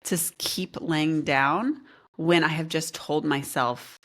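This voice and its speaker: A woman's voice: low voice, slow pace. A woman co-hosting a podcast, telling a story in a chatty way with many fillers. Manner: chatty, many fillers, animated quoted voices. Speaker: podcast co-host. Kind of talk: casual chat, storytelling.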